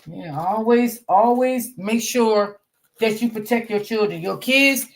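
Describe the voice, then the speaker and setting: A woman's voice: fairly high pitch, unhurried. A woman, hosting a casual chat to her viewers, repeating herself and calling them y'all. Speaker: online channel host.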